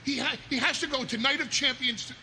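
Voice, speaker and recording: A man's voice: very high voice, fast, sharp tone, slight background noise. A man speaking as a wrestling manager, stammering and pleading as he persuades. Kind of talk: persuasive backstage speech.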